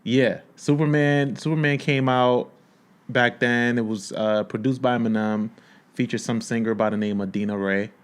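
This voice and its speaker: A man's voice: mid-range voice, steady tone, normal speed, clear, resonant tone. A man co-hosting a podcast in casual chat, laid-back, adding short agreeing replies. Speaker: podcast co-host.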